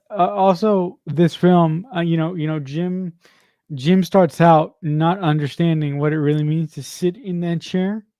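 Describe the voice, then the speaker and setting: A man co-hosting a casual movie commentary, enthusiastic, halting with many fillers. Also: on the high side, mellow, dry recording, clean studio sound. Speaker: podcast co-host.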